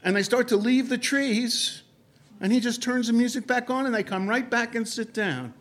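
A man telling a travel story in an animated, digressive way, with many fillers and restarts. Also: extremely high pitch, moderate pace. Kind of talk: anecdotal storytelling.

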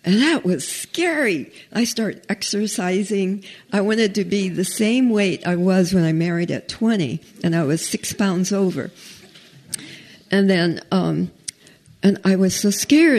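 A woman's voice: mid-range voice, measured pace, a little mellow. A woman telling a personal faith testimony in a casual storytelling way, earnestly acting out quoted dialogue.

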